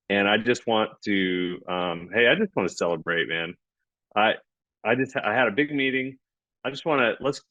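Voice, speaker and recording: Male podcast guest, low voice, animated explainer, dry muffled recording. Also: no room sound. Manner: animated, acts out dialogue. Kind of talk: conversational explanation.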